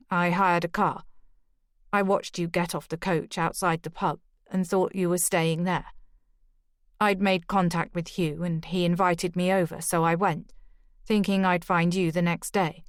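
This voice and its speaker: A woman's voice: fairly low pitch, steady tone, measured pace, dry recording, clean studio sound, natural voice. A woman reading the lines of a sheepish, apologetic Irish man in an audiobook. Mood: explaining. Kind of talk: audiobook character dialogue.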